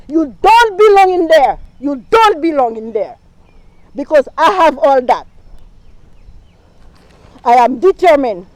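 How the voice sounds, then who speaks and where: A middle-aged woman who is not a native English speaker delivers a heartfelt campaign speech with a fairly high voice. She speaks slowly and repeats her phrases, with a slip now and then. The sound is close and dry. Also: a little mellow, no room sound, rough recording. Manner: impassioned, repetitive, speaks non-native English with slips. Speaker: town council candidate. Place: live stream rally.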